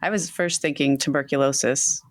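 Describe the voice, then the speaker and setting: A woman's voice: extremely low pitch, steady tone, moderate pace, dry recording. A woman playing pub trivia on a podcast, reasoning aloud and hedging her guesses. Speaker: trivia contestant. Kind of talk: casual podcast banter.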